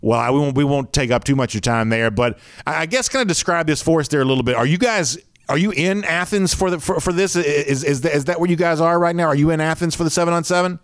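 A man's voice: fairly high pitch, fast talker, no room sound, clean studio sound. A man with a Southern American drawl hosting a sports talk show, chatting casually with many fillers.

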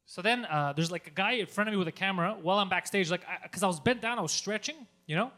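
Quick and sitting high, this voice belongs to a stand-up comic from Greece. Chatting casually, he spins an animated, foul-mouthed story and performs the shouted parts.

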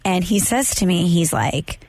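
Lively woman telling a travel story. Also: fairly low pitch, measured pace, dry recording. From United States. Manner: animated storyteller, acts out quotes. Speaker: podcast co-host. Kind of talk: casual chat.

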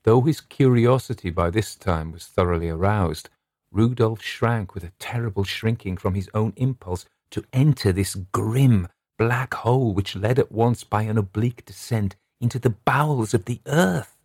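A man narrating a Victorian horror story in a slow, dramatic, drawn-out delivery. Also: on the low side, darkish tone, no room sound, clean studio sound.

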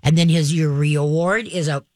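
Woman dog-training host, brisk and practical, demonstrates commands calmly, dry close recording. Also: low voice, no echo. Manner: direct, instructive, acts out calm dog commands; frequent checks like "okay?" and "all right?". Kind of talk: casual advice to a caller.

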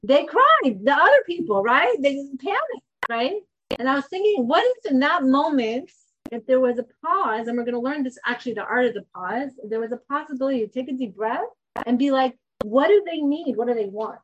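A woman in her thirties teaches a class in a conversational, informal way. She often stops to ask her listeners questions. Her voice sits a bit high, and the recording sounds somewhat dull and lo-fi. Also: very animated, a little fast, fairly bright tone. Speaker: Torah teacher. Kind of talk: informal class talk to a group.

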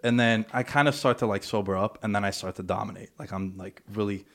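A man's voice: on the low side, fairly even intonation, fast, a bit bright. A man co-hosting a casual chat, telling stories in a laid-back, drawling way. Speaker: podcast co-host.

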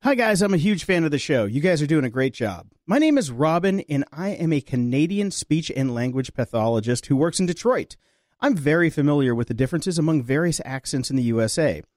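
A man co-hosting a podcast, reading listener letters aloud in an expressive, animated way. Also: on the high side, a little fast, no room sound, clean studio sound.

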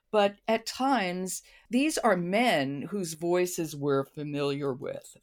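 A woman's voice: low voice, a little mellow. A woman hosting an interview, steering the conversation with composed questions. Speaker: host.

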